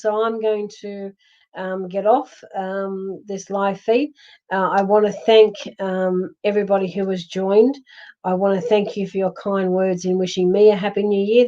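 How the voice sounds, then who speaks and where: A woman's voice: medium pitch, darkish tone. Chatty, giggly woman psychic on a live stream. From Australia. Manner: chatty, giggly, many ums and restarts. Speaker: psychic medium host. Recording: dull lo-fi live stream audio.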